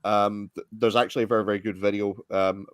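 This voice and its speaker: A man explaining a point in a casual chat, halting with many ums. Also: on the low side, little pitch movement, clean tone, no room sound, clean studio sound.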